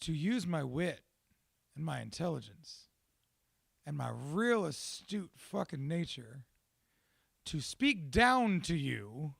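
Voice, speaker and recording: A young man hosting a podcast, talking in a casual, profane, animated and self-mocking monologue. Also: fairly high pitch, takes it slowly, vocal fry, long pauses, no echo, studio quality. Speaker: podcast host.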